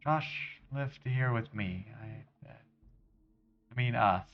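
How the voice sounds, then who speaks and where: A man voicing a nervous young woman who leads a gang, reading her lines haltingly in his own voice. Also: mid-range voice, muffled recording, faint music behind. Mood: grieving.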